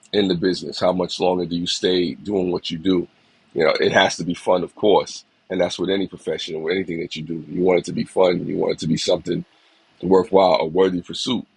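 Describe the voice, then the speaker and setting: A low-voiced man with vocal fry and a breathy edge, recorded dry and with poor audio quality. In his forties and a little sick, coughing slightly, he hosts a casual motivational livestream, reflective and encouraging, calling out viewers by name.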